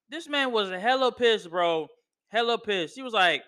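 A man hosting a podcast, giving a casual, profane, slang-filled and excitable recap of a wrestling match. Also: high-pitched, normal speed, clear, resonant tone. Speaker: podcast host.

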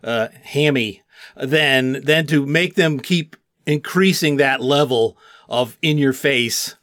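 An older man, a voice actor, chatting on a podcast and telling stories with quick impressions. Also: a little high, expressive, a bit bright, dry recording, clean studio sound. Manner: storytelling, drifts into quick impressions. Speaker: guest voice actor. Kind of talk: casual podcast chat.

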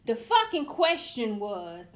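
A woman in her forties talks to her viewers in a loose, profane vlog monologue. Her voice sits a little high, and she rants with blunt, comic exasperation. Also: wildly swooping pitch, takes it slowly. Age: 40s. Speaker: vlogger.

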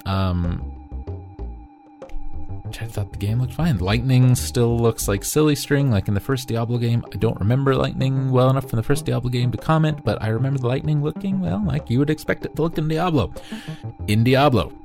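A man doing a comedic reading of an old game review, reading the punctuation aloud and adding sarcastic, deadpan asides. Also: mid-range voice, moderate pace, creaky, soft background music. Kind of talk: comedic dramatic reading with commentary.

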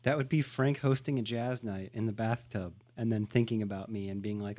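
A man's voice: on the low side, steady tone, fairly quick, darkish tone. A man co-hosting a podcast in casual chat, laid-back and joking. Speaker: podcast co-host.

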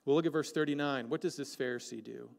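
A man preaching a sermon as pastor, animated and joking, asking the congregation many questions. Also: medium pitch, quick pace, gravelly. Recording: long hall reverb.

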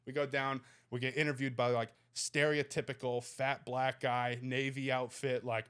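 A man in his thirties, a comedian guest, telling a wild story in rapid, profane, laughing bursts. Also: medium pitch, flat delivery, fairly bright tone, clear, resonant tone. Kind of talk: casual storytelling.

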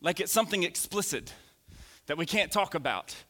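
A man in his thirties delivers an animated sermon, joking with his congregation. His voice is bright and sits a little high. It rings out with a long reverb through the church sanctuary. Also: moderate pace. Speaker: preacher. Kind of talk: lively sermon.

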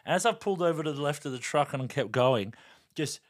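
An Australian man on a podcast, animatedly telling a long story and acting out the lines of the people in it, sometimes dropping to a hushed aside. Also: a little high, animated, a little fast, no room sound, studio quality. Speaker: podcast co-host. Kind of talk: casual storytelling chat.

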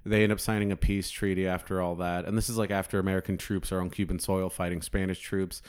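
A man's voice: sits low, little pitch movement, fast talker, clean tone. A young man telling a rambling history story in casual chat, swearing freely.

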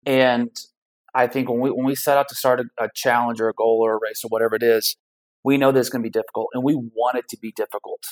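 A man's voice: mid-range voice, level tone, quick pace, rough recording. A man talks as a guest on a podcast interview. His tone is upbeat and casual, with plenty of conversational fillers. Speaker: guest, foundation founder.

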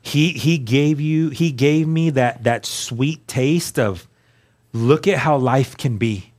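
Slow-paced and mid-range in pitch, a man appearing as a guest recounts his personal testimony with earnest emphasis, going hushed whenever he reaches a key moment.

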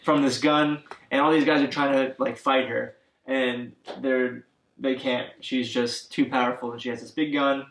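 A man's voice: mid-range voice, flat delivery, moderate pace, a bit bright, a little hiss or hum. A man in casual podcast chat, rambling with lots of fillers as he recaps a video game plot. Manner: rambling, many fillers, acts out characters' lines. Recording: echoey room.

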